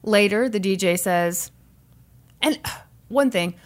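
A woman's voice: medium pitch, a little slow. A woman co-hosting a podcast, telling a story in casual chat and acting out quotes in exaggerated voices. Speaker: podcast co-host.

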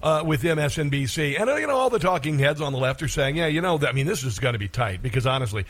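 A man hosting a talk radio show, delivering an emphatic, sarcastic opinion monologue with rapid asides. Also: a little high, animated, a bit bright.

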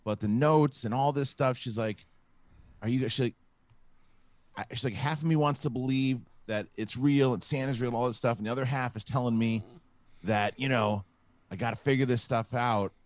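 A man's voice: mid-range voice, normal speed, no room sound. A middle-aged man hosting a live show, telling a long personal story in a rambling way with many restarts and fillers. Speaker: host. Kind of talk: casual live show chat.

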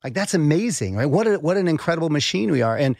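A man talks as a guest on a podcast, reflective and earnest, with a gravelly edge to his voice. He swears now and then and stumbles into thoughts by repeating words. The sound is dry and close. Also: fairly high pitch, very animated, fast talker, a little mellow, dry recording. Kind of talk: conversational podcast talk.

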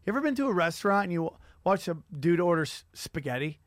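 A man hosting a casual podcast, telling rambling, profane stories with animated energy. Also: sits high, fast, no room sound, clean studio sound. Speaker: podcast host and comedian. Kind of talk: crude casual chat.

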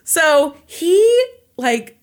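A woman co-hosting a podcast, telling a true crime story in a casual, animated way, with lots of filler words and the odd swear. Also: extremely high pitch, very slow.

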